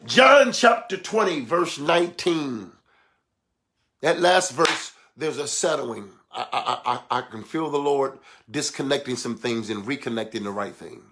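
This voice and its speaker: A man preaching a sermon, swinging between emphatic shouts and hushed, low passages, calling out to his listeners. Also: expressive, moderate pace, few pauses. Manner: calls out exclamations and asks the listeners for response.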